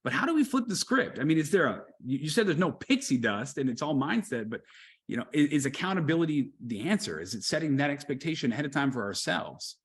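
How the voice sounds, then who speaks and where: A man's voice: fairly high pitch, very animated, fast talker. Affirming man hosting an interview. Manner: thoughtful, affirming, repeats words as he thinks. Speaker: podcast host. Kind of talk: conversational interview questions.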